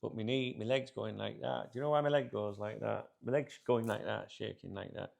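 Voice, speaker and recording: Here a middle-aged man, seated like a football channel host, rambles and swears his way through a grumbling, casual rant to camera. His somewhat low, heavily gravelly voice moves briskly with fairly even intonation and a slightly mellow tone.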